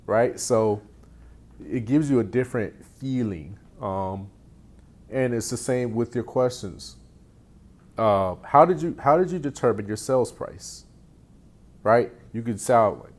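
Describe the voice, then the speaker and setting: A man's voice: mid-range voice, a little slow, darkish tone. A man speaking casually as a real estate coach, sharing sales advice in a loose, conversational way with frequent restarts. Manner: conversational, repeats phrases and restarts often. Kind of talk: casual teaching talk.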